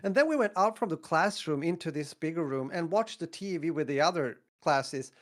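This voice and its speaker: Swedish guy in his 50s, podcast storytime, kinda high voice, jumps around a lot when he quotes people. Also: moderate pace. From northern Sweden. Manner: animated, acts out quotes with big pitch jumps, laughs often. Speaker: podcast co-host. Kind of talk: casual storytelling chat.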